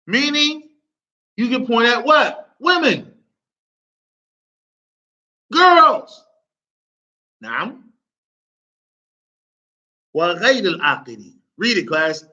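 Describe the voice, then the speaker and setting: A man teaches a class in a bright, cutting voice. He pitches his voice high and swings it widely as he playfully fires repeated questions at his students. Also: dull audio. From United States. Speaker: Arabic teacher. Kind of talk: classroom lesson with call-and-response.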